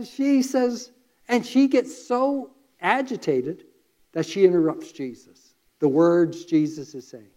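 Man, preacher, sermon storytelling, high voice, conversational. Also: warm tone. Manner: conversational, retelling with asides.

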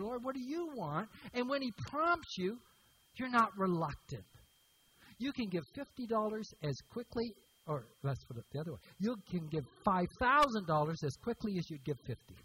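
A man's voice: high voice, a bit bright, a little hiss or hum, low-quality recording. A man preaching a sermon as pastor, emphatic and repeating key words for stress.

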